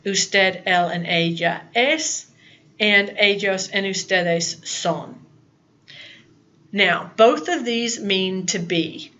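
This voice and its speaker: A woman's voice: mid-range voice, sharp tone, highs cut off. A woman in her fifties teaching a recorded Spanish lesson, plain-spoken and chatty, with asides. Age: 50s.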